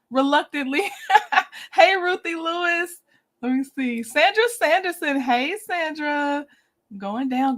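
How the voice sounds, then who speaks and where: A woman hosts a casual livestream. Her high voice stays upbeat and chatty as she greets viewers one after another, laughing easily along the way. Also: a bit bright. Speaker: livestream host.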